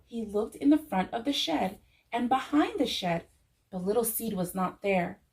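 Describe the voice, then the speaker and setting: A woman reading a children's story aloud in church, gentle and expressive, returning to a soothing refrain. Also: fairly high pitch, moderate pace, low-quality recording.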